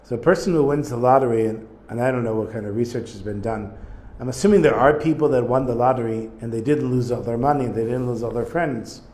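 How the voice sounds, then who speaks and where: A man leads a casual study lesson, reading lines of Hebrew and then unpacking them in easygoing English. He pauses to search for examples and talks as if thinking out loud, at a medium pitch. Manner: reads Hebrew text then explains it in plain English, thinking aloud. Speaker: Torah teacher.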